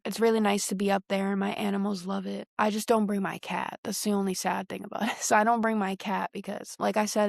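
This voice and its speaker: A young woman, chatting on her own podcast. Her voice has a gravelly, fry-laced texture, and it sounds dry and close to the mic. She rambles loosely in slang, with fillers scattered all through. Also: mid-range voice, dry recording. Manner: rambling, slangy, heavy use of "like". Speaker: podcast host. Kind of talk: casual solo podcast chat.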